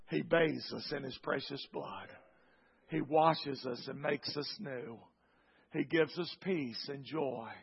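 A fervent male preacher whose voice is gravelly and husky, set a little high for a man. He builds toward near-shouting at the high points of his sermon and prayer. The recording is muffled and slightly lo-fi.

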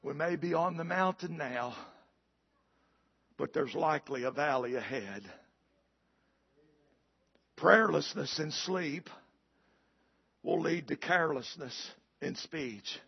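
A male preacher with a gravelly voice, telling a folksy story in a sermon that builds to shouted preaching, in a church. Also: a little high, expressive, takes it slowly, pauses often, lo-fi sound.

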